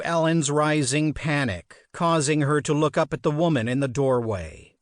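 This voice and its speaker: A man narrates an audiobook from a script, his storytelling measured and expressive. His voice sits on the high side, and the clean studio recording has no room sound.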